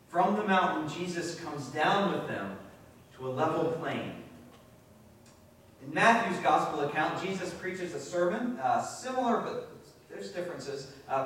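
A pastor with a New England accent preaching a conversational sermon in a church, with frequent fillers and restarts. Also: male voice, on the high side, fairly bright tone, a little hiss or hum. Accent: New England American. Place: church sanctuary. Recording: very echoey church from a distance.

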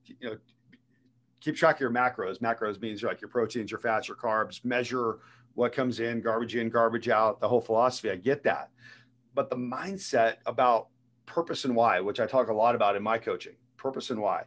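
A man's voice: medium pitch, normal speed, fairly bright tone. A man hosting an interview, encouraging his guest and framing long questions. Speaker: interview host. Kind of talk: casual interview chat.

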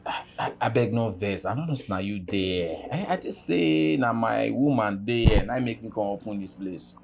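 A man speaking Nigerian Pidgin English in a comedy skit, bantering with sudden jumps up into a high squeal. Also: normal speed, vocal fry, crowd noise. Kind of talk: Nollywood comedy skit acting.

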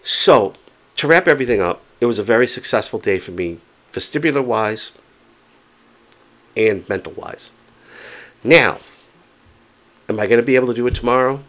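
Man, middle pitch, swooping lively intonation, casual storytelling vlog, chatty, repeats himself. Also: normal speed, pauses often. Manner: excited, determined. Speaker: vlogger.

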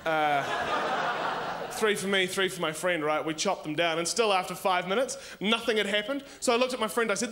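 High-voiced young New comedian. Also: male voice, brisk, slight background noise. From New Zealand. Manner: animated, laughing storytelling. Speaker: stand-up comedian. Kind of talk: stand-up comedy set. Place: live comedy stage.

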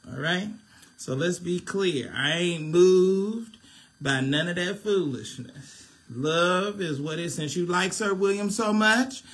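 A man's voice: on the high side, a bit bright. A man, hosting a casual phone livestream as a minister, chatty and preachy, often laughing.

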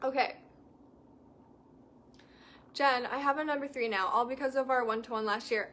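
Woman with a high bright voice, young adult coach, chatty, enthusiastic, emphatic. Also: fairly even intonation, normal speed, pauses often, slight background noise. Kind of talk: casual live chat to viewers.

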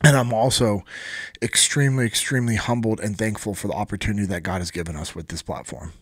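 A man's voice: fairly low pitch, quick pace, breathy edge, no room sound, clean studio sound. A man hosting a podcast, chatting casually and laughing while he retells stories from a group chat. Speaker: podcast host.

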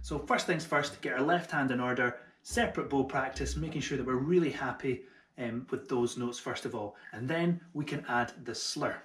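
A man at a medium pitch gives a double bass tutorial from a room that rings with reverb. He talks in an encouraging way, breaks each skill into small steps, and jokes about himself now and then. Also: moderate pace, soft background music. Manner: friendly and encouraging, with light self-mocking jokes. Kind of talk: online music tutorial.

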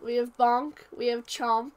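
A woman streaming a farming game, chatting casually and squealing with excitement over cute animals. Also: a little high, unhurried, clean tone. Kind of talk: casual gameplay chat. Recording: game music playing underneath.

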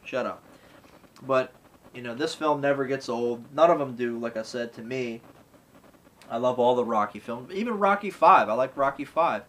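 A man's voice: mid-range voice, normal speed, a bit bright, poor audio. A man casually reviewing a classic film in a rambling way, filling his talk with "you know" and "like" and acting out lines from scenes. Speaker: movie reviewer.

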